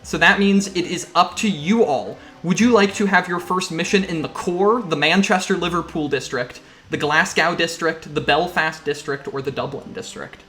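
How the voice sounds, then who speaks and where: A man's voice: fairly high pitch, normal speed, hardly any pauses, bright, forceful tone, reverberant. A man serving as game master, narrating a tabletop game in a loose, descriptive way full of fillers.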